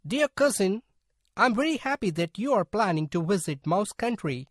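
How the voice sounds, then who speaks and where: A man doing soft, raised-voice mice reading letters. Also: high-pitched, sing-song, normal speed, dry recording, studio quality, voice pushed up. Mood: formal.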